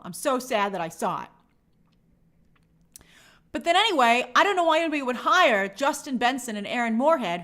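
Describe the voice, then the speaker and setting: A woman hosting an entertainment news show, talking in a casual, sarcastic and exasperated way. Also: on the high side. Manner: animated, sarcastic, exasperated asides. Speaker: show host. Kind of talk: casual opinionated commentary.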